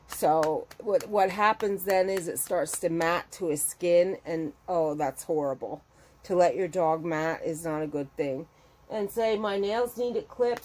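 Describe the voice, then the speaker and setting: Middle-aged lady rambling about her crochet projects, lowish voice, gets emotional easy. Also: noisy background. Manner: chatty, rambling, emotional, frequently laughing. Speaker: crochet vlogger. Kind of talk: casual chat. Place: home with her dogs.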